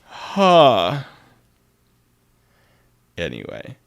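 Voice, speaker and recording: A man's creaky, medium-pitched voice stretches out his words as he offers sarcastic live-stream commentary from a desk microphone. Lively and full of laughing asides, he breaks off to read chat aloud and thank viewers who donate.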